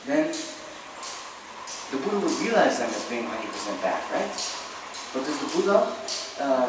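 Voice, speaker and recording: A man teaching a Buddhist class in a conversational way, often checking in with his students and acting out ordinary views in quick asides. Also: medium pitch. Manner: conversational, checks in often with "right?" and "you understand?". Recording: echoey hall, distant, faint hiss.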